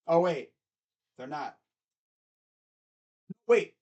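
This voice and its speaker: Guy with a high voice doing live play-by-play, excitable fan rambling. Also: a little slow, pauses often. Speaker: streamer giving live baseball reaction. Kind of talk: casual live play-by-play reaction.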